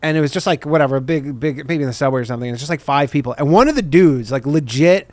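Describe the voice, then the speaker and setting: Guy on a comedy podcast telling audition stories, kinda high voice, dry close sound. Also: fast, dry recording. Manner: animated storytelling, puts on silly voices. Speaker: podcast co-host. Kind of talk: casual comedic chat.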